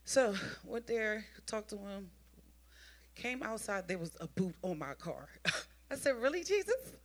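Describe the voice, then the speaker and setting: A woman giving an informal sermon, telling a personal testimony in an animated way and talking straight to the congregation, often repeating and restarting her phrases. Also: medium pitch, slow pace. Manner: addresses the congregation directly.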